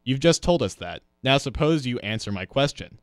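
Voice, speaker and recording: A man voices an irritable, pompous colonel, impatient and badgering, in a medium-pitched, animated delivery at normal speed. His pitch sits above his own natural voice yet stays close to an everyday one, recorded at studio quality with no room sound.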